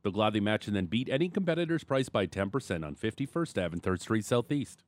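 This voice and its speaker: A man's voice: lowish voice, lively intonation, fast talker, no echo. A man hosting a sports radio show, bantering casually and reading listener texts. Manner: joking, reads texts and ad reads. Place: radio studio.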